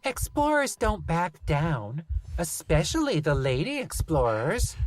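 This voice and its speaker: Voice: medium pitch, big pitch swings, a little slow, slight background noise, pitched above the performer's own voice. A reader voicing a mischievous, theatrical young boy who leads the group in an audiobook. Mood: bossy. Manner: bossy and theatrical. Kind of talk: audiobook character voice.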